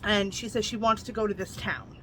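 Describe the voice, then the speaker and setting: A woman's voice: mid-range voice, steady tone, brisk, sharp tone, a little hiss or hum, rough recording. A woman casually recapping and reviewing a novel, chatty, with lots of "like" and blunt asides. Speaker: book reviewer.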